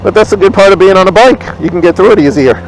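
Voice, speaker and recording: A man with a slightly high voice tells a rambling story while riding his motorcycle through town. He's blunt and swears freely, acting out both sides of an old argument. Faint road and traffic noise runs underneath. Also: rapid-fire, rough recording. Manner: blunt, profane, retells arguments in quotes. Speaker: motorcycle vlogger. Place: riding a motorcycle on city streets outdoors. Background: faint street and traffic noise.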